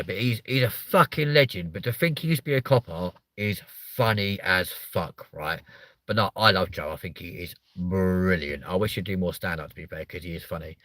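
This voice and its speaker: A man's voice: fairly bright tone, no room sound. Sweary man chatting on a stream. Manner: sweary, rambling, jokey, slips into silly high voices. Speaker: live stream host. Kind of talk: casual comedic live stream chat.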